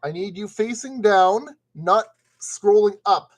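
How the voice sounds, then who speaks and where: Taking it slowly in a high voice, a man builds a model kit at a work table. He comments casually as he works and playfully talks to the parts.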